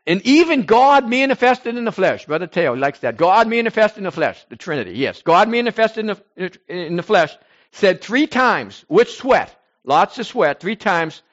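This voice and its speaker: A man preaching informally to a small group, rambling and animated, swinging between loud bursts and soft asides. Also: high voice, highs cut off. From United States.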